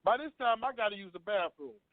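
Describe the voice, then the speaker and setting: A man's voice: high voice, animated, fairly quick, dry recording. A man on a talk panel, earnestly telling a long personal story and often repeating himself. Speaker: panel guest. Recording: dry phone-line sound.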